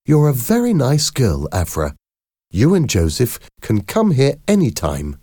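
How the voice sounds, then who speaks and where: A man putting on a shrill, fussing mother. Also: huge pitch swings, measured pace, mellow, no echo, clean studio sound. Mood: flustered.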